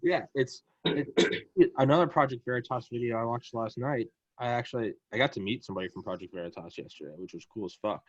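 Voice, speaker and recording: Fast-talking low-voiced man, dull sound. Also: dry recording. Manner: fast, excitable storytelling, profane. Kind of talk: casual chat.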